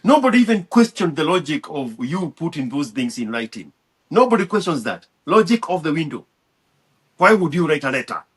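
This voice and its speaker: A man's voice: on the high side, big pitch swings, fairly quick, fairly bright tone, slightly rough. A man hosting a casual podcast conversation, reacting with exclamations and pressing his points. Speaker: podcast host.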